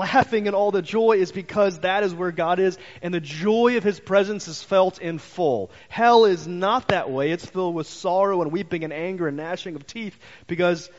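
A man preaching a sermon as pastor, telling stories in an animated way and briefly acting out the voices he quotes. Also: sits high. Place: church sanctuary. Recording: muffled church hall reverb.

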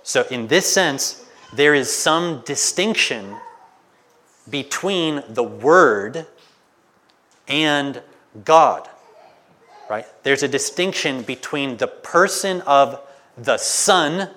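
A male pastor preaching a slow, emphatic Bible-teaching sermon in a church, stopping for rhetorical questions. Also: medium pitch, expressive, sharp tone.

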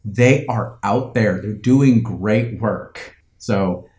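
A man's voice: lowish voice, extremely slow, darkish tone, roomy sound. A man co-hosting a podcast, talking in an impassioned, opinionated casual way. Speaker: podcast co-host. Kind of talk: casual chat.

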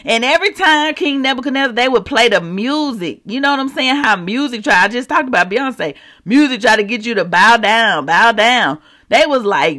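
A preacher teaching scripture in a casual, animated way, reading verses and turning to the listeners with quick asides. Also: medium pitch. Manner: animated, talks straight to the audience with asides; slangy and conversational while quoting scripture. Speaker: Bible teacher.

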